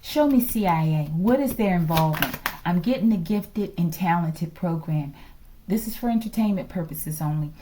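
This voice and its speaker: Mellow-voiced woman giving an emphatic tarot reading. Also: lowish voice, lively intonation, normal speed, slight background noise. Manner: emphatic, keeps checking in with listeners. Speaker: tarot reader. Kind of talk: casual tarot reading vlog.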